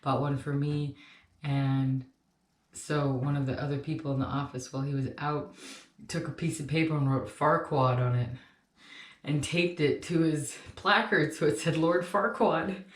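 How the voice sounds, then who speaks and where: Low-pitched young woman rambling casually, echoey room. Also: steady tone, normal speed. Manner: rambling, filler-heavy storytelling. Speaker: co-host. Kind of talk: casual chat.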